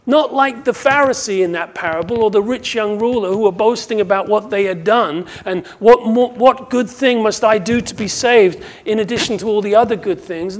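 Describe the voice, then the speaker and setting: A man preaching a sermon, who acts out the quoted cries and moves from hushed asides to loud, impassioned calls. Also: sits high, expressive, normal speed. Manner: swings from hushed to shouting when quoting cries; dramatizes quoted voices.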